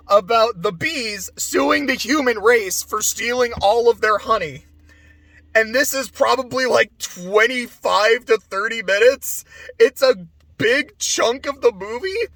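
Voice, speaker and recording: A man giving an off-the-cuff movie review, rambling and excitable, swearing and laughing often. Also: very high-pitched, dry recording.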